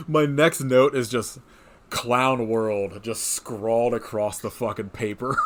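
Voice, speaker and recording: A man's voice: medium pitch, slight background noise. A man casually recapping a movie on a podcast, rambling with many fillers, swearing and laughing often. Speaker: podcast co-host.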